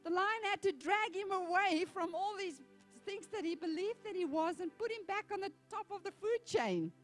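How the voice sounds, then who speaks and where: Woman pastor, sermon, high voice, chatty storytelling, faint music behind. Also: normal speed. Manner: animated storytelling, conversational.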